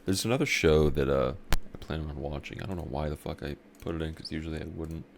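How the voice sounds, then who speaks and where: Very deep-voiced slangy guy, faint room noise. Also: quick pace, creaky. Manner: relaxed, slangy, profane banter. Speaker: podcast co-host. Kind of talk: casual chat.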